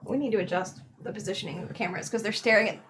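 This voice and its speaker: A woman's voice: mid-range voice, racing, fairly bright tone, slight background noise. A woman co-hosting a casual livestream, reading chat aloud and laughing often.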